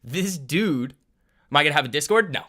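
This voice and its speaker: A man's voice: fairly high pitch, brisk. A young man, casually telling a rambling story on a livestream, often breaking off and laughing. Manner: rambling, animated storytelling with laughs and self-interruptions. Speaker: livestream trading host.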